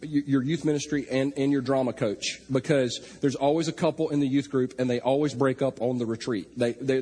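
A man preaching a sermon, telling a joking, animated story. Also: medium pitch, slightly rough. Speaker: pastor.

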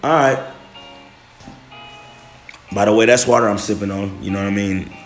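A man's voice: lowish voice, normal speed, faint music behind. A young man hosting a casual podcast monologue, loose and emotional, full of slang and "man" and "bro". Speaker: podcast host.

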